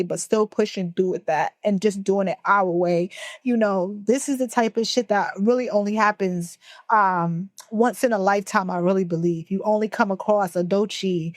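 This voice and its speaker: A woman's voice: mid-range voice, fairly even intonation, normal speed, dry recording, studio quality. A woman talking emphatically and emotionally as a podcast co-host, full of profanity. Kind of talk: casual chat.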